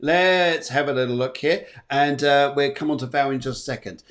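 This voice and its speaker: This is a man hosting a spiritual live show and giving psychic readings. He rambles, circles back, and repeats phrases as he relays messages. His voice sits at an ordinary male pitch. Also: normal speed, a bit bright. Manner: rambling, repeats phrases, tags sentences with "here". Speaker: host and psychic medium.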